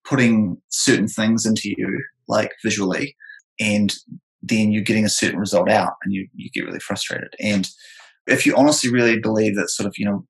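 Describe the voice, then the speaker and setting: A young man in casual chat, rambling and animated, with many filler words. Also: fairly low pitch, normal speed, vocal fry, rough recording. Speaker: photographer and former music producer.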